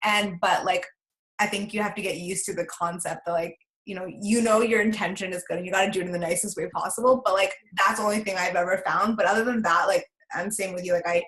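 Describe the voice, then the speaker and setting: A woman's voice: mid-range voice, steady tone, quick pace, fairly bright tone. A young woman hosting a casual interview, friendly and a little hesitant, with many fillers. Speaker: host. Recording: echoey room.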